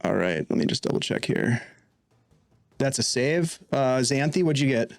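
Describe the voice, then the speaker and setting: A man narrating a tabletop game as game master in a casual, halting way, often restarting his sentences. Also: mid-range voice, lively intonation, gravelly, no echo.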